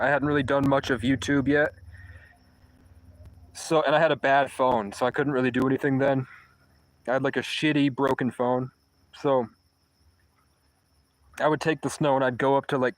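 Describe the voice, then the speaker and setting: A man's voice: mid-range voice, no room sound, low-quality recording. Rambling young man telling his story. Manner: rambling, profane, restarts mid-sentence. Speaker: vlogger. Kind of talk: casual storytelling monologue.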